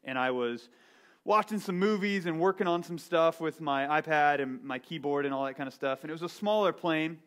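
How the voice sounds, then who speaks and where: A man's voice: fairly high pitch, moderate pace, fairly bright tone. A man preaching a casual, self-deprecating sermon, telling a story about himself and often checking in with "right?". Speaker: pastor. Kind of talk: conversational sermon.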